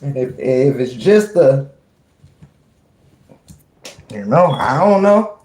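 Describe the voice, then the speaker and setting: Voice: mid-range voice, big pitch swings, slow, a little mellow, reverberant. A livestream host chatting casually with viewers, laughing often, turning preachy and motivational, and greeting chat members by name. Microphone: webcam or phone mic.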